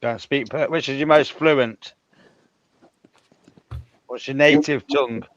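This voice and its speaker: A man's voice: on the high side, big pitch swings, slow pace, creaky. Blunt, sarcastic man on dull audio.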